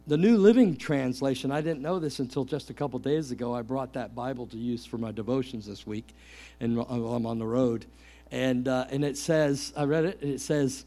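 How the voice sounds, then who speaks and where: A middle-aged male pastor preaching a lively sermon, joking and calling out questions to the congregation. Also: mid-range voice, normal speed.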